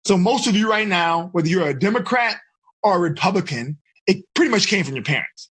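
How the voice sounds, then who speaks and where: A man coaching teenagers in a live online seminar, energetic and full of rhetorical questions, on a computer mic. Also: high-pitched, fairly quick, slightly rough. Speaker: life coach.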